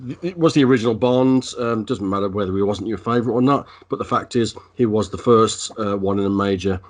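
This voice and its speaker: Low-voiced, agreeable man. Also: fairly quick. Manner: agreeable, hesitant, many fillers. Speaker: podcast co-host. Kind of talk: casual chat.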